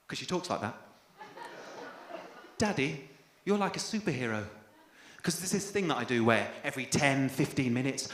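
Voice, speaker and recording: Deadpan English stand-up with sudden shouts. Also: male voice, a little high. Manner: dry, self-deprecating delivery with sudden loud outbursts. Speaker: first-time stand-up comedian. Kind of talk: stand-up comedy set. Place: comedy venue on stage. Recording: echoey live venue with faint room noise.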